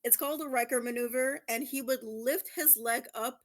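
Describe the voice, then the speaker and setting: A woman's voice: on the high side, steady tone, normal speed. A woman co-hosting a podcast and running a casual quiz, laughing often as she explains. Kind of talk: casual chat.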